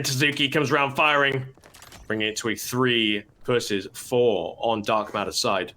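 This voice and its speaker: A man calling a live esports match play-by-play, bursting into high shouts at big plays. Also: moderate pace, slight background noise. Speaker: esports caster.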